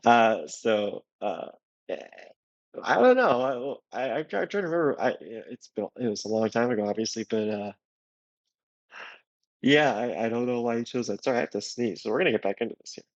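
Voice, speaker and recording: A young man hosting a podcast, rambling and halting through a casual commentary on an old episode. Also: mid-range voice, lively intonation, no echo. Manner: rambling, halting, with many fillers. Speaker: podcast host. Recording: slightly dull lo-fi sound.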